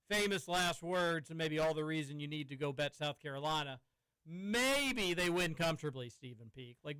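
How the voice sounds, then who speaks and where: A man's voice: high-pitched, sharp tone, smooth, no room sound, low-quality recording. A man hosting a sports talk radio show from a studio, talking casually and rambling with some stammering. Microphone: studio microphone.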